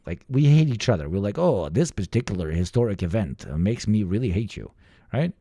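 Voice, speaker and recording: This young reaction streamer, from the former Yugoslavia in the Balkans, has a warm, fairly low voice and speaks a little fast, very animated. He rants casually with plenty of profanity and does impressions of people.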